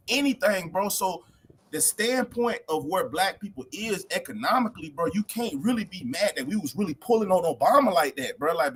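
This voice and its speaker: Podcast co-host, young man, high husky voice, lively heated slangy talk, acts out quotes. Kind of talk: casual heated podcast chat.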